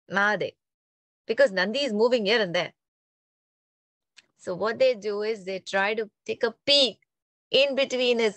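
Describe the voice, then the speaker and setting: A woman telling a religious story in a lively, conversational way, often checking in with her listeners. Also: medium pitch, no echo. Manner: animated, conversational, frequent "right?" tags. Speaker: spiritual storyteller. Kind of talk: storytelling talk on mythology.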